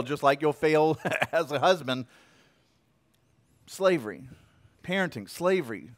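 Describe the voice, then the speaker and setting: A young adult man preaching a sermon in a conversational way, repeating phrases and swinging between loud and hushed. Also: on the high side, no room sound. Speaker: pastor.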